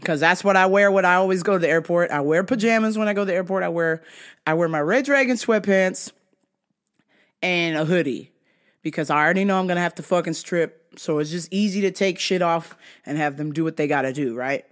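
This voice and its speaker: A woman in her thirties telling comedic travel stories to camera, animated, profane and often laughing. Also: lowish voice, a little fast. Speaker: vlogger. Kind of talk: casual comedic storytelling.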